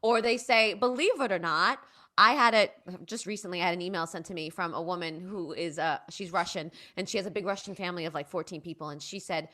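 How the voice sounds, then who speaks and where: A woman's voice: on the low side, quick pace. A woman, a stage performer chatting as an interview guest and acting out family voices as she tells stories. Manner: animated storyteller, acts out family voices. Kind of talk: casual interview chat.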